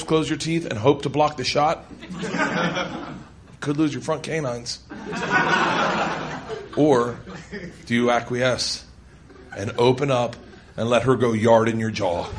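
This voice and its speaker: A man doing stand-up storytelling on a comedy club stage, loud and animated, laughing as he tells it. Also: mid-range voice. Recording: loud noisy live recording.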